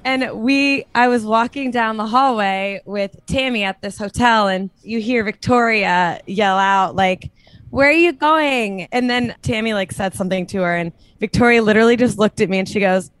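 A woman's voice: medium pitch, moderate pace, few pauses, clean tone, no echo. A woman co-hosting a casual chat, telling stories in a chatty way. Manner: chatty storytelling with laughs. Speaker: podcast co-host.

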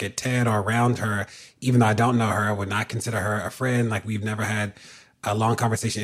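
Husky-voiced man hosting a podcast. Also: mid-range voice. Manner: relaxed, conversational, lots of "like" fillers. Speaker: podcast host. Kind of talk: casual podcast chat.

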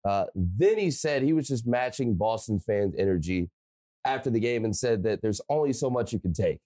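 A man co-hosting a sports podcast, relaxed, setting up topics and asking his partner questions. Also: on the low side, moderate pace. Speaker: podcast co-host. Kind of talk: casual sports talk.

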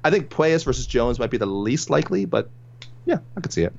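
A man co-hosting a casual sports podcast, chatting loosely and chuckling as he reads through listener suggestions. His voice sits at an ordinary middle pitch. The audio is a little dull and lo-fi. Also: sing-song, fast, creaky, a little mellow. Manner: chatty, chuckling, many restarts. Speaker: podcast co-host reading listener picks.

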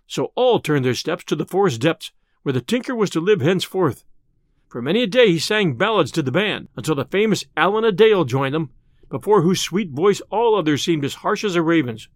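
Expressive male storybook narrator. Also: a little high, brisk, no echo, clean studio sound. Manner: expressive, old-style storytelling.

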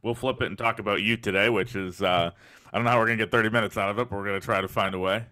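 A man's voice: on the low side, steady tone, racing, sharp tone, no echo, clean studio sound. A man co-hosting a sports podcast, asking questions in a conversational, lightly joking way. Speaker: podcast co-host, sports journalist. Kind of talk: casual podcast interview.

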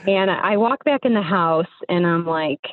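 A woman's voice: medium pitch, lively intonation, moderate pace, no room sound. A young woman on a remote call, telling a personal story casually and rambling with fillers and restarts. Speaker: guest storyteller. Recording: tinny phone-like line.

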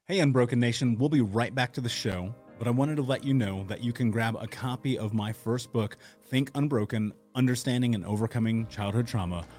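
A man's voice: medium pitch, brisk, hardly any pauses, darkish tone. A man hosting a podcast, reading an ad directly and asking interview questions. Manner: direct and promotional, repeats the web address. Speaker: podcast host. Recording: music bed under the voice.

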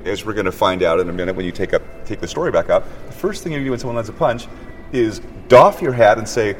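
A man's voice: lowish voice, quick pace, long reverb tail, slight background noise. A man in casual podcast chat, working through his argument aloud and chiming in often with agreement. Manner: reasoning aloud, frequent agreeing interjections.

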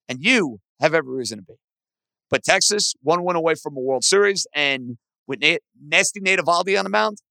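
Gravelly, bright-voiced sports talk host. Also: male voice, no room sound. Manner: animated, aggravated rants with rising pitch. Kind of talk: opinionated sports talk monologue.

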